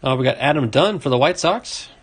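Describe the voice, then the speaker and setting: A man's voice: medium pitch, animated, fairly quick, breathy edge. A man hosting a casual card-opening video, reading off names and chatting to a viewer. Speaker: card collecting video host. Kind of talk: casual box-opening commentary.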